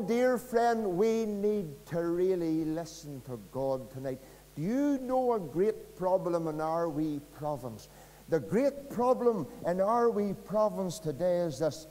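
A man with a Northern Irish accent preaching an evangelistic sermon, earnest and pleading, dropping to a hush and rising again. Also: a little high, lively intonation, a little slow. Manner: earnest, pleading, dramatic swings from loud to hushed. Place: church. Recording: long reverb of a church hall.

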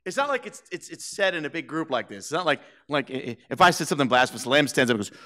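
A male preacher with a fairly high voice that swings widely up and down as he preaches. He tells the story playfully, acting out the characters' voices and laughing along with his congregation. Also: big pitch swings, fast talker, hardly any pauses, fairly bright tone. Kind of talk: animated sermon with acted-out scenes. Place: church sanctuary.

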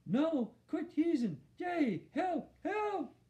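A panicked crying little boy, high wails. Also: very animated, drawn-out words, mellow, muffled recording, exaggerated voice. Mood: pleading. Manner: high wailing pleas. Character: panicked crying young boy with lips frozen.

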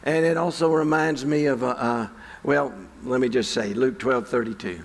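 A man's voice: mid-range voice, fairly even intonation, normal speed, big-room sound. A middle-aged male pastor preaching a sermon in a folksy, conversational storytelling way. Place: church sanctuary.

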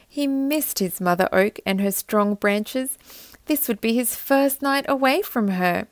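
A woman reading a children's storybook aloud in a gentle, expressive way. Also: on the high side, measured pace, dry recording.

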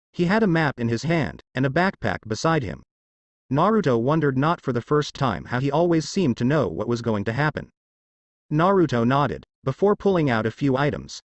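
A man narrates fan fiction with an even storytelling delivery. His pitch rises and falls freely, and the recording is dry and close to the mic. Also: no room sound.

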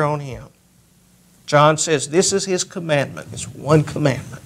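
A man's voice: measured pace, fairly bright tone. A male pastor preaching a sermon, lifting his voice when he reads scripture aloud. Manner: rises in pitch and volume when reading scripture aloud.

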